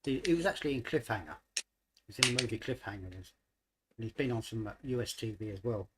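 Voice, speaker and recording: A man's voice: mid-range voice, fast, heavy background noise. A talkative man with a mixed British accent, chatting casually on a live stream. He laughs easily and trails off mid-thought before picking the sentence back up. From United Kingdom. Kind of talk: casual chat.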